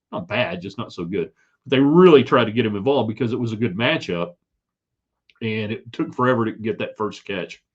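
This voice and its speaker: A man hosting a live sports stream, giving chatty, opinionated commentary that rambles with restarts. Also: mid-range voice. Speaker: sports podcast host. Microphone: streaming setup mic. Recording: slightly dull lo-fi stream audio.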